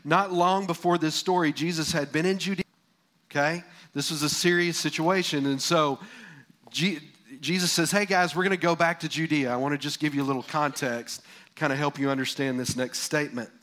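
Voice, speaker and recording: Folksy, animated preacher man. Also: a little high, moderate pace. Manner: folksy, animated, asks the crowd. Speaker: pastor. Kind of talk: sermon.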